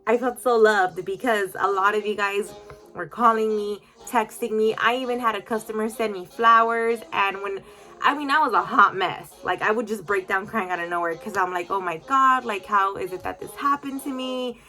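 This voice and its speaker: A woman's voice: medium pitch, normal speed, pushed and bright, soft background music. A woman telling an emotional storytime vlog to her followers in a chatty, filler-heavy way. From United States.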